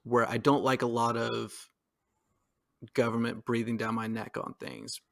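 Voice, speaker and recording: A man's voice: mid-range voice, flat delivery, unhurried, vocal fry, a bit bright. Rambling, hesitant podcast co-host man. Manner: rambling, hesitant, laughs often. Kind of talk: casual political discussion.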